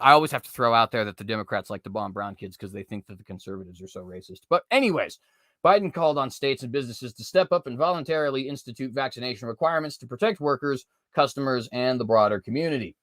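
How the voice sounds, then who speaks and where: A man's voice: mid-range voice, a bit bright, dry recording, clean studio sound. A man in his twenties hosting political commentary, reading news aloud with heavy sarcasm and sudden mocking outbursts. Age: 20s. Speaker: commentary host.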